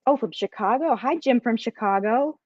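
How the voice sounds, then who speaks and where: A woman guest-hosting a live podcast, bubbly and excitable, greeting viewers with lots of exclamations. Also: on the high side, moderate pace, no room sound. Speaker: guest host. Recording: dry, slightly dull sound.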